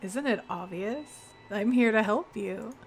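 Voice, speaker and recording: Woman reading as Kyoko, a calm teenage detective girl. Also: mid-range voice, measured pace, slight background noise, lightly acted. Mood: composed. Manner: plain, even read-aloud delivery.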